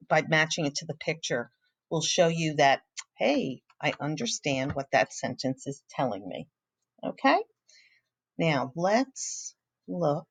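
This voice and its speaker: A woman teacher talking pupils through a phonics lesson, patient and encouraging, praising them often. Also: sits low. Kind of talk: recorded phonics lesson walkthrough.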